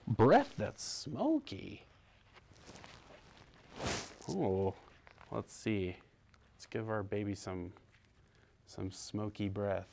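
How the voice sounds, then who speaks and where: Soft-spoken male children's storyteller. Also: on the low side, sing-song, drawn-out words, gravelly, long pauses, a little hiss or hum. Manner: gentle, soft-spoken, sing-song. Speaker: library storyteller.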